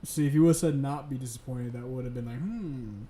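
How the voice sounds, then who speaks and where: A man's voice: medium pitch, fairly even intonation, fast talker, warm tone. A young man streaming late at night, rambling and swearing casually as he chats. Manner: rambling, profane, chuckling.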